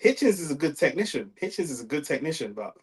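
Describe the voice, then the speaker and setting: A man's voice: fairly high pitch, very animated, quick pace, low-quality recording. A young man with a London accent, hosting a live fight watch-along and chatting casually with slang. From London, England. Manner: slangy, laid-back, swears, reads chat aloud. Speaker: livestream host.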